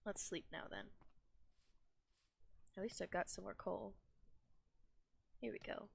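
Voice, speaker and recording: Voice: mid-range voice, fairly even intonation, takes it slowly, creaky, breathy edge. A young adult streamer giving casual, rambling gameplay commentary, self-deprecating and often laughing. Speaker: gaming streamer.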